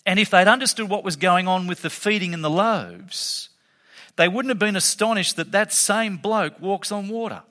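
A man preaching a sermon, animated and emphatic, often laughing. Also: high-pitched, moderate pace. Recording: long reverb of a hall.

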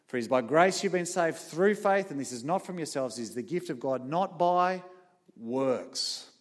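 A man's voice: expressive, fairly quick. Emphatic preacher, man. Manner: emphatic, swings between soft low asides and loud raised points. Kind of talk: sermon. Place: church.

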